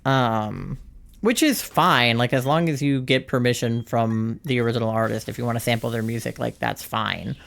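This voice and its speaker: A young-adult streamer talks loosely over gameplay. The speech rambles from thought to thought in a relaxed, chatty way, with frequent laughter along the way. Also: medium pitch, moderate pace, vocal fry. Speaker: live streamer. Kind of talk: casual chat while streaming a game.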